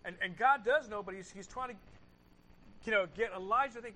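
A man preaching a sermon, swinging between loud emphasis and hushed asides, repeating key phrases and asking rhetorical questions. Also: high-pitched, brisk, rough recording. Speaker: pastor.

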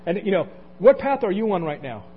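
A man serving as pastor delivers a conversational sermon, asking the congregation questions and chuckling between points. His voice is high and a little fast with big pitch swings, captured in a dull lo-fi recording with faint noise.

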